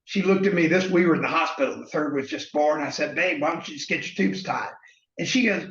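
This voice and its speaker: A middle-aged man, a guest on a talk show, telling lively family anecdotes and acting out the voices in them. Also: fairly high pitch, quick pace. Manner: animated anecdote teller, acts out quoted voices. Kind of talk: storytelling in conversation. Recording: echoey, slightly dull sound.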